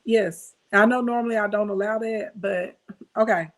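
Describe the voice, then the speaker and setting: A woman's voice: mid-range voice, steady tone, moderate pace, slight background noise. Chatty middle-aged American woman coaching viewers. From United States. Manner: emphatic, chatty, calls listeners "baby" and "y'all". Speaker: business coach and livestream host. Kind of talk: casual livestream talk to viewers.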